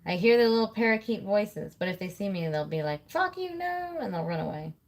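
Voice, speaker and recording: A woman's voice: fairly low pitch, fairly even intonation, a little fast, a little mellow. Woman, 30s, home livestream host; loose, profane, talks while multitasking at her desk. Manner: chatty, swears freely, thinks aloud. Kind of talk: casual rambling chat.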